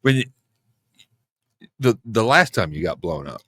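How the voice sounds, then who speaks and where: A man's voice: fairly low pitch, very animated, a little slow, a bit bright, no room sound. A man hosting a podcast, asking teasing, joking questions. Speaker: podcast host. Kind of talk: casual podcast chat.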